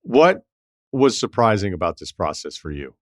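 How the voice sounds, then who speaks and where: Deep-voiced, lively podcast host man. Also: moderate pace, no echo, clean studio sound. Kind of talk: casual interview chat.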